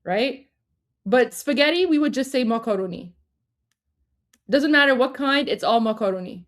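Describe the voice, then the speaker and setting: A woman's voice: fairly high pitch, lively intonation, normal speed. A woman co-hosting a livestream, chatting casually with lots of fillers and restarts and frequent laughter. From Iran. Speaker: livestream co-host.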